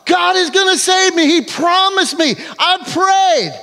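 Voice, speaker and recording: A man putting on a shrill, stubborn stranded boater. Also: animated, unhurried, full character voice. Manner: insistent, shouting refusals. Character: stubborn, faithful adult man stranded on a boat.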